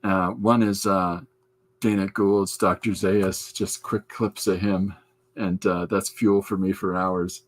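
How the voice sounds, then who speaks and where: A man's voice: low voice, level tone, takes it slowly. Chatty man live-streaming from his art studio. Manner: chatty, answers viewers' comments aloud. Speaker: podcast host and comic artist. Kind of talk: casual live-stream chat while drawing.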